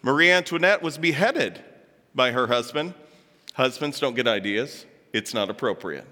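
Bright-voiced man talking in a reverberant hall. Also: mid-range voice, animated, moderate pace. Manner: chatty, joking asides, puts on voices for quotes. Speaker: speaker addressing an audience. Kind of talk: lively talk to a live audience.

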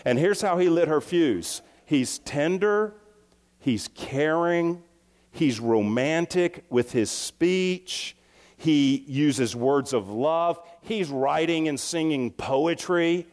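Lively preaching man in a reverberant hall. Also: fairly high pitch, slow. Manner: lively, conversational preaching with many restarts and asides. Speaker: pastor. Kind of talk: sermon.

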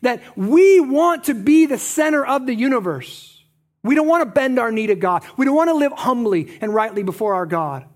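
A pastor preaching a sermon, moving between emphatic points and low, quiet stresses. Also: animated, normal speed.

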